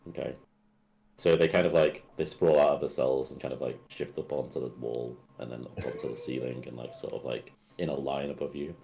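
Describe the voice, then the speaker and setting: Game master, very deep male voice, loose rambling narration, brief. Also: steady tone, brisk, creaky, warm tone, slight background noise. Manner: loose, filler-heavy narration.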